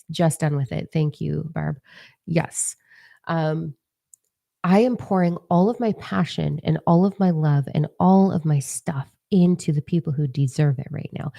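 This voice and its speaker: A woman in her forties, a spiritual teacher talking casually and candidly to her followers, swearing freely and breaking into animated asides. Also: sits low, gravelly, no room sound, studio quality. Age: 40s.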